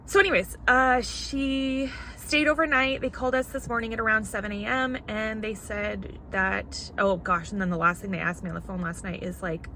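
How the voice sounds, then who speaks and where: A woman's voice: medium pitch, flat delivery, brisk, vocal fry, hardly any pauses, pushed and bright, a little hiss or hum. A woman vlogger in casual chat, rambling and candid while fighting back tears.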